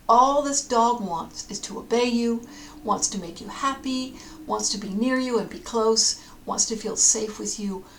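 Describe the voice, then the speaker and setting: A woman counsellor giving a calm, explanatory podcast talk, sometimes dropping to a near whisper. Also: medium pitch, slight background noise.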